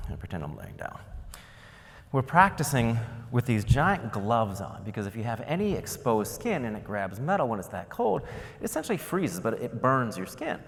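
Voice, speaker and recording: A man from Ohio tells stories from the stage of a keynote, joking and acting out each scene. His pitch swings up and down a lot as he talks. His voice rings with the long reverb of a large conference hall. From Ohio, United States. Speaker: keynote speaker. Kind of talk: storytelling keynote speech.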